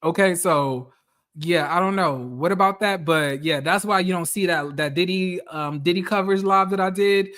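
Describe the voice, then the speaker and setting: A man giving chatty, animated recap commentary on a reality show, talking straight to his viewers. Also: sits high, moderate pace.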